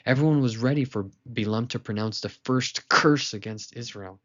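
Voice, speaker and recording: A man teaching a weekly lesson to children, retelling a story in a lively, casual way with asides to listeners. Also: medium pitch, normal speed, highs cut off.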